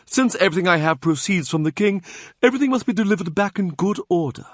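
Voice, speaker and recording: A man's voice: sits high, lively intonation, quick pace, dry recording, pitched above the performer's own voice. Man voicing a weary, wry old cardinal. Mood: measured. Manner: dry, gently ironic. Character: weary, wry elderly male cardinal, fallen from power.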